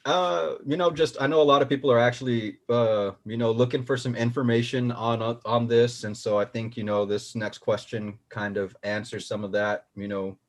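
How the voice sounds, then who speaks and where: A man's voice: medium pitch, fairly even intonation, normal speed, hardly any pauses. A man co-hosting a casual chat who jokes, acts out little scenarios and reads questions with many fillers. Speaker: co-host.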